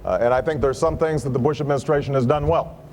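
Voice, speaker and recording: Male candidate, deliberate halting delivery, faint hall echo and background hum. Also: medium pitch, steady tone, a little mellow. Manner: deliberate, halting with many "uh" pauses. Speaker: presidential candidate. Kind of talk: debate answer. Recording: reverberant hall, faint noise.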